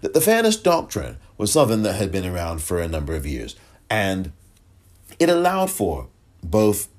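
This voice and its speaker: A man hosting a podcast, delivering a sarcastic, animated political commentary monologue and repeating phrases for effect. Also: on the low side, husky. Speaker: podcast host. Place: lives in California.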